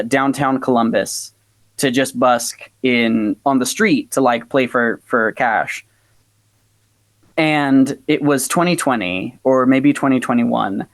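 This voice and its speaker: A man's voice: mid-range voice, no room sound. A man from the United States, a folk-punk musician, telling a story animatedly in a casual interview and acting out the people he quotes, with plenty of filler words.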